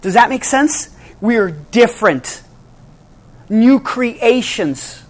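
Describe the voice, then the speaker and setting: A preacher delivering a sermon, asking rhetorical questions and slowing down to press key phrases. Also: mid-range voice, animated. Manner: dramatic, with sudden drops to hushed emphasis and slowed key phrases; asks the audience rhetorical questions.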